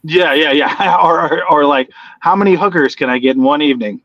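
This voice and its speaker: A man's voice: on the high side, fairly quick, highs cut off, crowd noise. A man who is a stand-up comedian, chatting as a guest in a laid-back way, laughing often and agreeing with "yeah". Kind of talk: casual chat.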